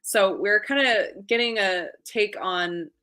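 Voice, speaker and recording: A woman's voice: medium pitch, takes it slowly, pushed and bright. A woman hosting a casual chat, enthusiastic, asking her guest questions with frequent restarts. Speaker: host.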